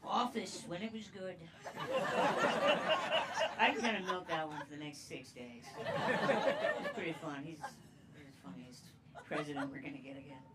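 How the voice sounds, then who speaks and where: A woman doing a stand-up comedy set, playful and crude, often jumping into loud impressions. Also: low voice, wildly swooping pitch, a little slow, long pauses. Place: comedy club stage. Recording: distant mic, loud crowd and noise.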